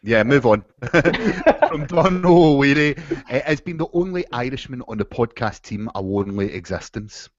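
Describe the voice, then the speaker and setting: A man's voice: mid-range voice, lively intonation, normal speed, muffled recording. A man hosting a podcast, reading out listener questions and joking along with his guest. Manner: jokey, often laughing while reading questions. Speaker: podcast host. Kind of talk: casual podcast chat.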